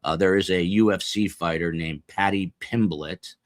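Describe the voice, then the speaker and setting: Low-voiced man chatting on a live stream. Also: fairly even intonation, moderate pace, no echo, clean studio sound. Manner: rambling, jokey, reading out viewer locations. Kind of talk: casual live-stream chat. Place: small office beside a studio.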